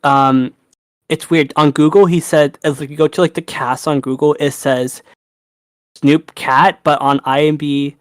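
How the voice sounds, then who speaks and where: A young man co-hosting a podcast in casual chat, animated, laughing and swearing freely. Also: a little high, measured pace, dry recording. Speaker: podcast co-host.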